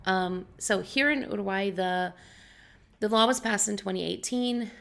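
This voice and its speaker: A woman's voice: mid-range voice, a little slow, vocal fry. A young adult woman, an English teacher, talking casually to her vlog audience with a scratchy voice and lots of fillers and disclaimers. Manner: chatty, full of disclaimers and fillers. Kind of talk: casual explanatory vlog talk.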